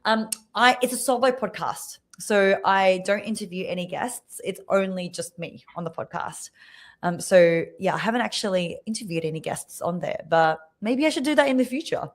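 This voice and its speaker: Woman, speaking coach, podcast guest, video call, expressive explanations. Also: medium pitch, normal speed. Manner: expressive, demonstrates voices while teaching.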